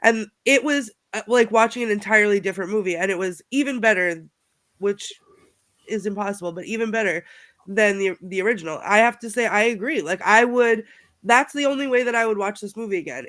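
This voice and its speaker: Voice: mid-range voice, fairly quick, fairly bright tone. A panelist in a casual chat, talking loosely with many "like"s. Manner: chatty, uses fillers like "like".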